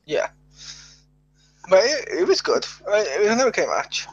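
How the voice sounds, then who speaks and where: A man's voice: high-pitched, wildly swooping pitch, moderate pace, slightly rough, lo-fi sound. A man co-hosting a casual podcast, giving blunt, joking opinions on wrestling matches. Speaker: podcast co-host.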